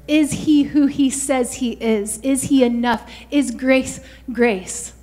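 A woman's voice: high-pitched, takes it slowly, a little mellow. A woman preaching a fervent sermon, often saying "you guys" and "hallelujah" to the congregation.

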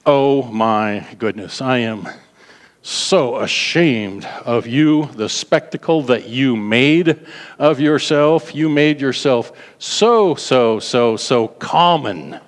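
Scornful royal wife, slow and disdainful, as a man puts her on in a sermon, with long hall reverb. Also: medium pitch, close to an everyday voice.

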